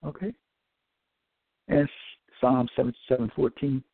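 Slow, gravelly man on a phone line. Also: medium pitch, no echo. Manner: halting, with many fillers and restarts; emphatic, drawn-out scripture quoting. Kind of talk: religious teaching talk. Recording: tinny phone-line audio, dry.

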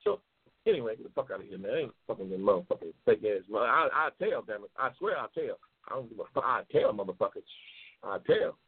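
A talk show host from New York City talks loud and passionate, swears heavily, and reads out viewer comments on a live show. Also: male voice, on the low side, animated, fast, breathy edge. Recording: tinny phone-like audio.

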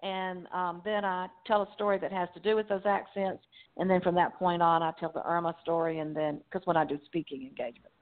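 A woman's voice: lowish voice, fairly even intonation, a little fast. Chatty woman author on a phone line. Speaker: author guest. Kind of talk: casual interview chat. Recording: phone-line interview audio.

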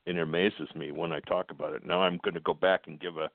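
Low gravelly older man on a phone line. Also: steady tone, quick pace. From United States. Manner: plainspoken, with fillers and quoted dialogue. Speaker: guest. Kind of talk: storytelling.

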